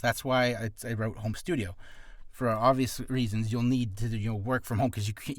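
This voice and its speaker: A man talking casually through a voice acting tutorial from his home studio, his pitch swinging up and down as he rambles. He corrects himself often and loses his place. The sound is dry and close. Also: no echo. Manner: rambling, self-correcting, animated. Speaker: aspiring voice actor.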